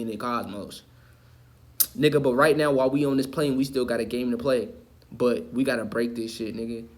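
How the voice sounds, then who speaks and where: A man's voice: mid-range voice, a bit bright. A man in a mid-range voice delivers an impassioned spiritual rant. He preaches hard, curses freely and circles back to repeat his points. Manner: preachy, profane, repeats himself for emphasis. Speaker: online video host.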